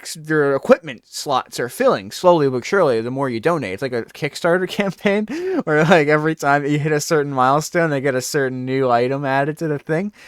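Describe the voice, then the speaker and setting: A man's voice: on the high side, clean tone, dry recording, clean studio sound. A man hosting a talk show, telling a rambling comedic bit and acting out scenes. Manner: animated, rambling, acts out scenes.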